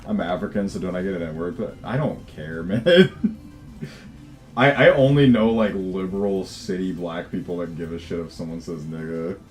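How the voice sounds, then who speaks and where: A man's voice: deep voice, normal speed, soft background music. A man chatting casually on a livestream while he codes, swearing, laughing easily and often restarting his words. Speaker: game developer livestreaming.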